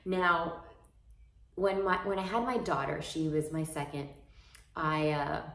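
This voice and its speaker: A woman gives an earnest motivational talk as a fitness coach, rambling and restarting as she encourages. Her voice sits on the low side. The mic is far away in an echoey room. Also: steady tone, unhurried, fairly bright tone. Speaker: fitness coach and business owner. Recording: roomy echo, mic far off.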